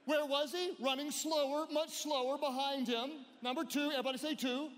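A man preaching a sermon in an animated way, leading his listeners in call-and-response. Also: very high voice, brisk, few pauses. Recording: long hall reverb.

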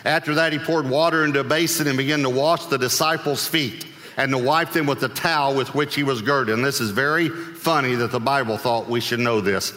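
A man preaching a sermon with humor, acting out scripture voices and breaking into sudden shouts. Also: mid-range voice, fairly quick, hardly any pauses, long reverb tail. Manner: humorous, acts out Bible voices, bursts into shouts.

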